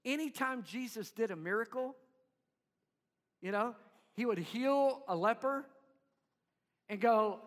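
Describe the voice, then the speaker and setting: A man preaching a sermon in an animated way, acting out crowd voices and dropping to quiet low tones. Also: slow, pauses often. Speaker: pastor. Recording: long reverb in a hall.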